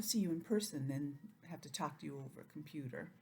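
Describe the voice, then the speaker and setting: A woman teaching an online lesson to young children, gentle and expressive, acting out feelings in a sing-song way. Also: sits low, quick pace, few pauses, breathy edge. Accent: New England.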